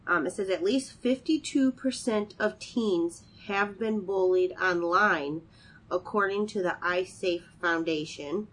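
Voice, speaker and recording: A woman's voice: lowish voice, unhurried, fairly bright tone, slightly rough, rough recording. A woman with a stuffy, nasal voice from a cold, co-hosting a casual chat show with many fillers. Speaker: podcast co-host.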